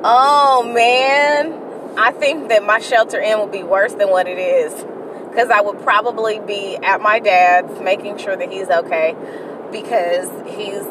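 A woman's voice: mid-range voice, slow pace. A woman, hosting a casual solo podcast, talking candidly and profanely in a rambling way with sudden outbursts, from inside a car. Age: early 30s. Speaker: podcast host. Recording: distant mic with car road noise.

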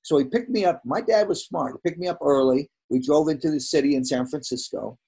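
With a fairly high, gravelly and slightly rough voice, this man in his sixties talks a little fast. He's a longtime hairdresser sharing career stories in a relaxed chat, animatedly performing the dialogue of the people involved.

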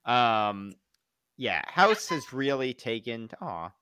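A man's voice: medium pitch, big pitch swings, takes it slowly, pushed and bright, smooth, no room sound, clean studio sound. A man in casual podcast chat, rambling with many fillers and restarts. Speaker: podcast co-host.

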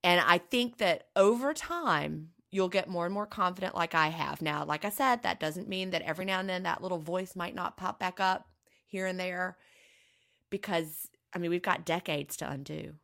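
A middle-aged woman co-hosting a chatty podcast, with a bright, forceful voice that sits a little low. She speaks earnestly and reassuringly, drawing on her own experience. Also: normal speed, vocal fry. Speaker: podcast co-host. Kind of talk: casual podcast chat.

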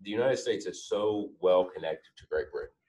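A man's voice: low-pitched, moderate pace, a little mellow, distant mic, rough recording. A man co-hosting a podcast, explaining his thoughts casually with fillers. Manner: explanatory, thinks aloud with fillers. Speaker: podcast co-host. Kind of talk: casual chat.

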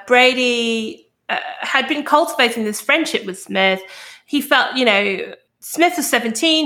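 Chatty woman telling a true crime story. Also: fairly high pitch. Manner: animated, laughs often, swears casually. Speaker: true crime podcast host. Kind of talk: casual storytelling chat.

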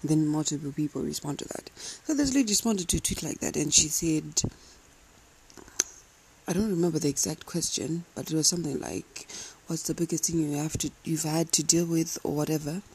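A woman's voice: low voice, a little fast, darkish tone, slightly rough, poor audio. A young woman hosting a podcast, ranting in a casual, emphatic way and swearing freely. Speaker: podcast host. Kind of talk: casual rant.

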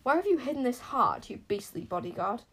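A woman's voice: a little high, big pitch swings, brisk, husky, exaggerated voice. Snappish witch queen, scolding and haughty, voiced by a woman storyteller. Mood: irritable scolding. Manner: sharp and scolding.

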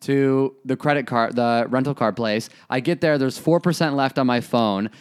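A man with a smooth, resonant voice tells a rambling, profane story in casual chat. He keeps slipping into quick impressions of the people he met along the way. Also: medium pitch. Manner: animated, profane, acts out voices in his stories.

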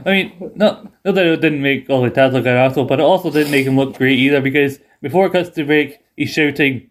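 A man's voice: mid-range voice, fast talker, few pauses. A man co-hosting a wrestling podcast in casual chat, wry and acting out quotes. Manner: wry, acts out quotes, laughs along. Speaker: podcast co-host.

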